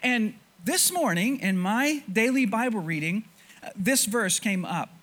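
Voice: mid-range voice, a little slow. A preacher giving a sermon to a congregation, asking them questions and often repeating words as thoughts restart. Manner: animated, stammering restarts, rhetorical questions to the congregation. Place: church before a congregation.

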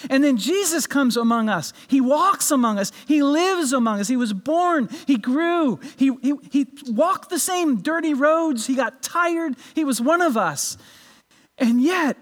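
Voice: sits high, lively intonation, measured pace. A pastor giving a sermon in an earnest way, often restarting words and asking rhetorical questions.

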